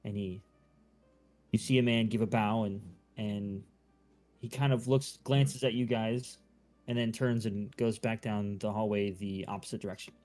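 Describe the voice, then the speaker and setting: A man's voice: fairly low pitch, steady tone, moderate pace, darkish tone, faint music behind. A man running a tabletop game as game master, narrating loosely with many fillers and restarts.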